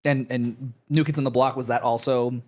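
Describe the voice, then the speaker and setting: A man's voice: medium pitch, flat delivery, normal speed. A young adult man hosting a casual live podcast, rambling with restarts and fillers and cursing freely. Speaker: podcast host.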